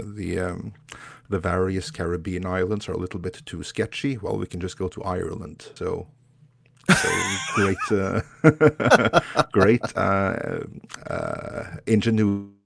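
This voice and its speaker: A man appearing as a guest on a casual livestream, chatting in a relaxed way about his travels. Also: low voice, gravelly, no echo. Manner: relaxed, chatty, occasional fillers.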